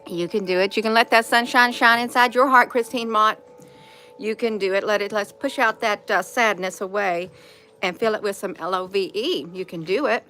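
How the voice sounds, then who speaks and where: Bright, folksy woman. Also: mid-range voice, normal speed, soft background music. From Indiana, USA. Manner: folksy, encouraging, addresses viewers as honey. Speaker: livestream host. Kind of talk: casual morning livestream chat.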